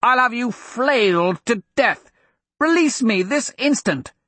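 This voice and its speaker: A man voicing a shrill, furious young prince. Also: lively intonation, slow pace, no room sound, heavily acted. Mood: outraged. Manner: shrill, indignant shouting. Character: young arrogant male prince, bound and furious.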